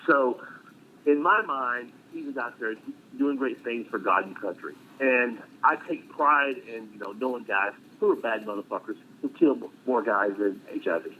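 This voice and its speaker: A middle-aged military veteran telling a story casually, blunt and profane with dark humor. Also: male voice, mid-range voice, normal speed. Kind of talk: casual storytelling on a live stream. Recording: tinny phone-like line with faint noise.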